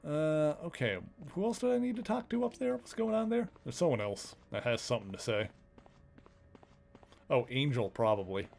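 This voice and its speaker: A man's voice: fairly high pitch, expressive, moderate pace, creaky, darkish tone. A man casually commenting while he plays a video game, chatty and joking, with lots of filler words. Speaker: streamer. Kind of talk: casual let's play commentary.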